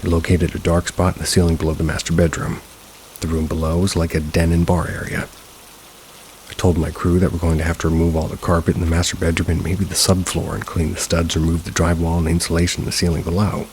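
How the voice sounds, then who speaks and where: A man narrating a first-person paranormal story in a steady, low-key manner. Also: quick pace, slight background noise, low-quality recording. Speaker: narrator of submitted paranormal stories.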